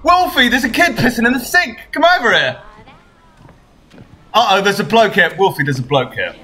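A young man giving live gameplay commentary, his high voice swinging wildly as he swears and shouts at his teammates. The tone is bright and cutting. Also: moderate pace. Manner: excitable, swearing, yelling at teammates. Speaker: streamer.

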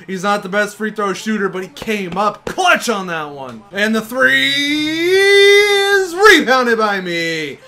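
Young male gaming host with a high, bright voice; excitable play-by-play of his own match. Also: normal speed, gravelly, few pauses. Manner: excitable, shouts at big plays, groans at misses. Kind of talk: live gameplay commentary.

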